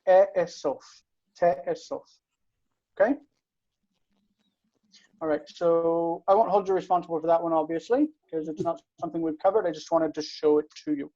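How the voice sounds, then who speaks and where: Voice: mid-range voice, a little fast, dark tone. A teacher giving an online grammar lesson over a video call, explaining patiently with lots of fillers and restarts. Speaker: Hebrew teacher. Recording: muffled video call audio.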